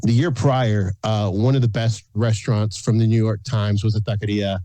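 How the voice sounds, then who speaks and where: Speaking in a low-leaning, mellow voice with a steady tone and moderate pace, this man tells relaxed stories as a podcast guest, and there's no echo. He's a food content creator from San Antonio, Texas, who laughs a lot and performs the voices of people he quotes.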